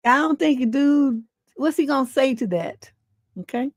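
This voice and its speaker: A woman's voice: high voice, animated, measured pace, vocal fry, pauses often, no room sound, studio quality. Laughing woman hosting a live stream. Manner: laughs often, reacts loudly, quotes people in playful voices. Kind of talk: casual live stream chat.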